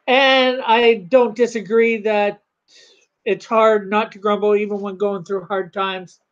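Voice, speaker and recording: A comic artist chatting casually on a livestream from home, rambling and halting while reading the chat. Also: mid-range voice, fairly even intonation, dull audio.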